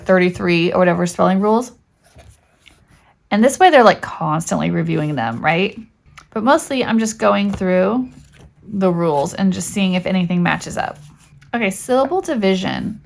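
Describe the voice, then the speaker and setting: A woman's voice: medium pitch, vocal fry. A woman walking through spelling and syllable rules in a casual teaching voice, checking in often with "right?". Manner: chatty, explains step by step, asks "right?" often. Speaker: homeschool teacher.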